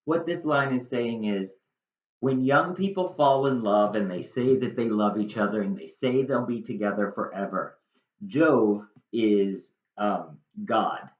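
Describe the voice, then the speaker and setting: Slow-talking male teacher, echoey room. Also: lowish voice. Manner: plain-spoken, paraphrasing into casual modern talk. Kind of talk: explaining a monologue line by line. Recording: echoey room, dull lo-fi sound.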